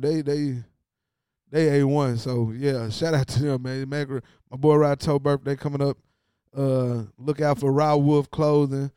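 A man's voice: mid-range voice, a little mellow, smooth, no room sound, studio quality. A man hosting his own podcast, talking in a casual, slangy way and repeating lines for emphasis. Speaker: podcast host. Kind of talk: casual solo podcast monologue.

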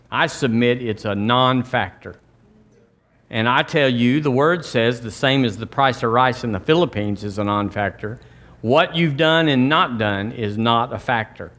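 A middle-aged man preaching a sermon as pastor, folksy and conversational with quick asides. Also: mid-range voice, fairly bright tone.

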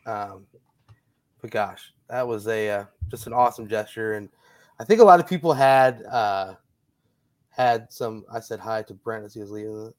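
A man's voice: lowish voice, moderate pace, darkish tone. A man hosting a casual sports podcast, talking in a rambling way with many restarts. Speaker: podcast host.

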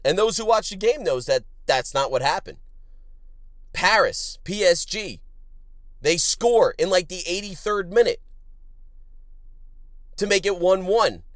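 A man's voice: high-pitched, a little slow, long pauses, dry recording, studio quality. Fired-up man ranting on his podcast. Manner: animated, swings from shouting to muttering; crude, joking. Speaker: podcast host. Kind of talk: sports betting rant.

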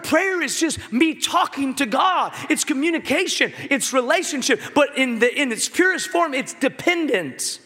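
A man preaches to his congregation in a very high, bright voice, breaking into jokes and then rising to a shout on the lines he wants to land. His sermon rings with the long reverb of a big hall. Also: moderate pace, hardly any pauses. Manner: animated, joking preacher who shouts key lines. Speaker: pastor.

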